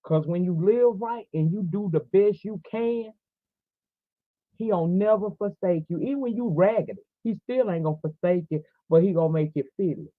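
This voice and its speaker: Speaking directly to her livestream audience, a woman in her 40s preaches with fervor, her lowish voice moving at a normal speed. The sound is thin and phone-like, dry and echo-free.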